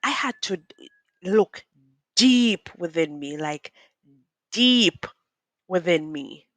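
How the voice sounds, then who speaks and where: A woman's voice: fairly low pitch, lively intonation, slow pace, a bit bright, no echo. Earnest woman, dry close voice. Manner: earnest, repeats words, drifts into preachy church-style asides. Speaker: vlogger telling a personal story. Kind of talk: emotional storytime monologue.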